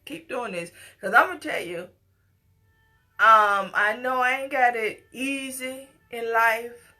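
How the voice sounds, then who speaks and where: Slow, impassioned woman scolding. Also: on the high side, bright, forceful tone, soft background music. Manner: scolding, emotional, breaks into tearful pleading. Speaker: commentator reacting to a news story. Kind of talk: impassioned personal commentary.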